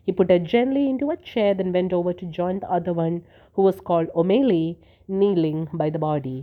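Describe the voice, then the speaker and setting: A woman reading a short story aloud as narrator, telling it in a steady way. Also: lowish voice, brisk. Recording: tinny phone-like sound.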